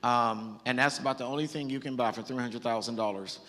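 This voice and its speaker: Speaking fairly quickly in a steady, medium-pitched voice that's pushed and bright, a Southern California bishop preaches from a church stage. He's earnest and conversational, often restarting sentences, in a hall with long reverb.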